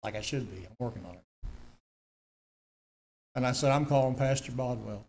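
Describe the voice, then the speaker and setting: A man's voice: mid-range voice, normal speed, darkish tone. An older man, giving a personal testimony in church, telling his story earnestly with emphatic repetitions.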